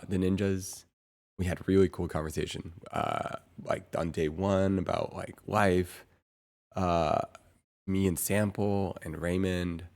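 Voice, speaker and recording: A man livestreaming and chatting casually to his viewers, rambling and often pausing to search for words. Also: low voice, darkish tone. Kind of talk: casual chat to stream viewers.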